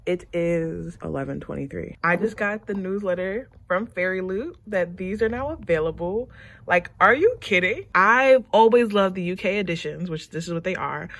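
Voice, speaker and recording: A young woman hosting her own book vlog in casual, gushing chat, excitable and talkative. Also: fairly low pitch, a little hiss or hum. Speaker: book vlogger.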